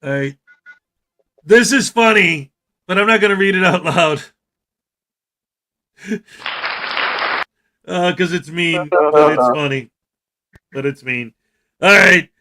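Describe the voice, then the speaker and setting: A man's voice: a little high, takes it slowly, pauses often. Jokey male livestream host. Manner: jokey, often shouting hype, laughing at his own jokes. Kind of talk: casual livestream chat, greeting viewers.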